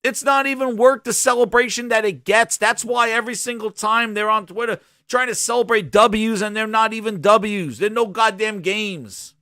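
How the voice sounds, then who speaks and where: A man's voice: sits high, normal speed, few pauses, bright, forceful tone, no room sound, studio quality. A man hosting a gaming podcast, delivering a heated, profane rant with mocking impressions. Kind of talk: ranting solo commentary.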